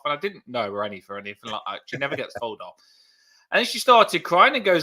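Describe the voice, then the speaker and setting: Bright, chatty man telling stories. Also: on the high side, sing-song, fast. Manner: chatty storyteller, laughs often. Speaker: fan channel co-host. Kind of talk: casual live chat.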